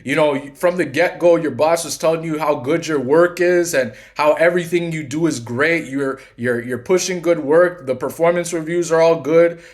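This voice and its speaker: A man's voice: on the high side, normal speed, few pauses. A man hosting his own channel, talking in a loose, rambling way with many restarts and "you know"s. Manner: acts out quoted lines in his telling. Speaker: channel host and coach. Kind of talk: casual monologue.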